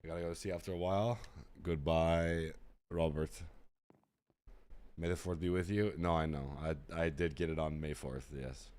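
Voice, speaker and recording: A man streaming a game live, sick, with an unusually deep and rough voice, chatting in slangy, exasperated asides to his viewers. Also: steady tone, normal speed, darkish tone. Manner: slangy, exasperated, talks straight to chat. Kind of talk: casual live-stream chat.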